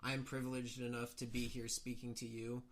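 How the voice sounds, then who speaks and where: A young man answering questions as a guest from his home, speaking in a thoughtful, measured way. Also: mid-range voice, monotone. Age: young adult. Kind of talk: interview answers.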